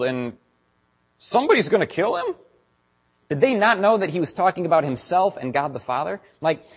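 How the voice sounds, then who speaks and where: A man preaching a sermon as pastor, talking casually to his congregation and building to loud, emphatic stretches. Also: medium pitch, breathy edge. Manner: animated, builds to raised emphatic delivery.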